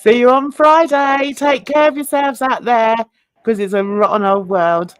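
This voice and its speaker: A woman's voice: on the high side, steady tone, measured pace, soft background music. An older woman hosting a live react stream in a casual, giggly, chatty way. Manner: chatty, giggly, fumbling with playback.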